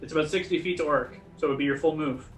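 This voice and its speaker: A man narrating as dungeon master, slow dramatic scene-setting between rules talk. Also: on the high side, a bit bright, faint music behind. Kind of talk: narrating a tabletop game.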